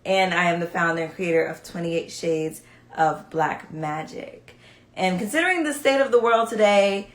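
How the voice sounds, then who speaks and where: A woman's voice: on the low side, normal speed, reverberant. A young woman from Brooklyn, hosting a casual livestream talk in an earnest, emphatic way, repeating key phrases. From Brooklyn, New York. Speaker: host. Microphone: phone.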